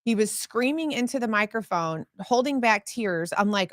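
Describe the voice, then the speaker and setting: A woman's voice: a little high, lively intonation, dry recording, clean studio sound. A woman co-hosting a political talk podcast, talking emphatically with a flow of fillers. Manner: emphatic, fast-flowing, many fillers. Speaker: podcast co-host.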